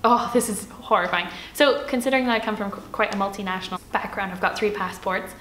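A woman's voice: mid-range voice, fast, fairly bright tone, reverberant, slight background noise, low-quality recording. A young adult woman from Switzerland chatting playfully through a Q&A tag video, with lots of "like" and filler words. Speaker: vlogger.

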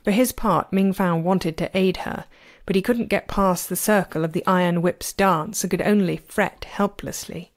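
A woman narrating a novel as an amateur audiobook reader, with expressive, varied pacing. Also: fairly low pitch, normal speed.

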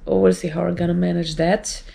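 Female vlogger, sore strained throat, low gravelly tone, chatty and rambling. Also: flat delivery, fairly quick, dark tone. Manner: rambling, chatty, with light laughs. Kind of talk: casual chat to camera. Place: at home.

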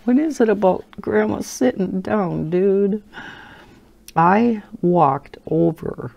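A woman's voice: mid-range voice, takes it slowly, gravelly, muffled recording. An older woman hosting a coloring channel, rambling through casual chat with frequent laughter while holding a baby. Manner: chatty and rambling, laughs often.

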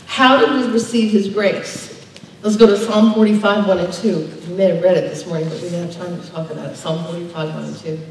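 A woman's voice: fairly low pitch, fairly even intonation, brisk, slight background noise. Woman preaching in an echoey hall. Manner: emphatic, draws call-and-response from the congregation. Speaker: pastor. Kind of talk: sermon. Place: church sanctuary. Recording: echoey church hall, distant mic.

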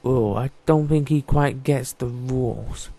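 A man's voice: mid-range voice, measured pace, mellow, no room sound. A man giving casual, chatty let's-play commentary, joking and talking to the game's characters as he plays. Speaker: gaming YouTuber.

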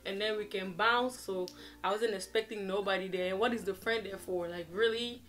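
A young woman in her twenties, talking straight to her viewers in a lively, chatty storytime. Her voice sits at an ordinary middle pitch. Faint music plays softly behind her. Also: normal speed. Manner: animated, chatty, acts out quoted dialogue. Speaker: vlogger. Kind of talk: casual storytime chat to camera.

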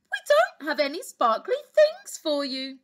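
A woman's voice: high-pitched, wildly swooping pitch, unhurried, pitched above the performer's own voice, exaggerated voice. A woman voicing a dramatic, fussing queen who gasps and exclaims theatrically in a storybook reading.

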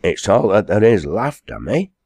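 A man's voice: fairly low pitch, big pitch swings, moderate pace, a little mellow, slightly rough, dry recording, studio quality, voice pushed up, heavily acted. A man voicing a cheery, hungry old yard servant with a broad Lancashire dialect, jovial and sing-song, in an audiobook. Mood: hearty.

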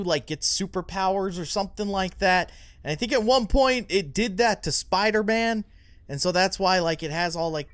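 A man's voice: a little high, a bit bright, dry recording. A young man hosting a gaming channel, rambling through let's play commentary and getting easily spooked.

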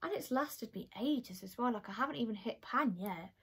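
A woman's voice: on the high side, animated, moderate pace, fairly bright tone, breathy edge. A teenage girl chatting through her makeup routine as a beauty vlogger, full of "like" fillers. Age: teens. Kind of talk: get-ready-with-me makeup chat.

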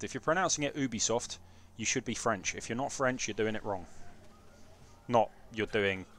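A young British man doing excitable, jokey live gameplay commentary and chatting with his viewers. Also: lowish voice, a little hiss or hum. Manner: excitable banter with chat, jokey. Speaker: game streamer.

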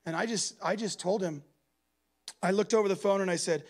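High-voiced animated male preacher. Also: a little fast. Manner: animated, conversational, acts out voices. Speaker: guest preacher. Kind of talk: sermon. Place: church gathering.

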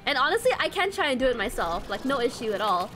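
High-pitched young woman streamer from malaysia, super bouncy voice, chatting over a game, faint music behind. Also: big pitch swings, fast talker, bright, forceful tone. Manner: chatty, reads chat aloud, swears, squeals at surprises. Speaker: VTuber streamer. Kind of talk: casual game stream chat.

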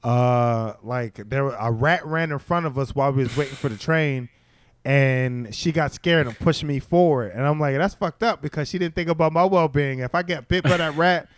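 This man is a stand-up comedian, animatedly telling stories in casual chat and voicing the people he quotes. His pitch sits on the high side, and his pace is moderate. The studio-mic recording is dry.

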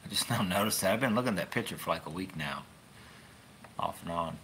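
Folksy rambling man, low and bright. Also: quick pace, a little hiss or hum. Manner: rambling, folksy, trails off into wry asides. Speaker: fishing channel host. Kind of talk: casual rambling livestream chat. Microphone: phone.

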